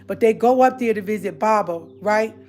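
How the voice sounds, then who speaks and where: A woman's voice: medium pitch, normal speed, darkish tone. A woman speaking straight to her online audience in a casual, confrontational rant. She is emphatic and keeps repeating her points. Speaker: online commentator addressing viewers. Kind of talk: casual direct-to-camera rant.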